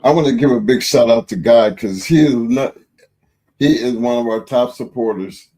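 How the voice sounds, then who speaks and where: A man's voice: medium pitch, moderate pace, dark tone. A man hosting a talk show, earnestly thanking a supporter. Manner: earnest, appreciative. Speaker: host. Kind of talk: casual shout-out on a talk show.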